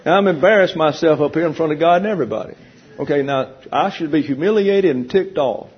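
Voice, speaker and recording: A man leading a Bible class, teaching in a teasing, conversational way and explaining points slowly to a room of listeners. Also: fairly high pitch, husky. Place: church classroom with an audience. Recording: dull lo-fi recording.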